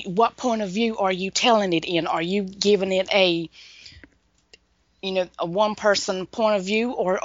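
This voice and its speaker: A woman's voice: medium pitch, no echo. A woman author with a Southern North Carolina accent, chatting in an interview in a folksy, rambling way and laughing often. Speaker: author, guest. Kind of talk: casual interview chat. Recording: dull lo-fi dry recording.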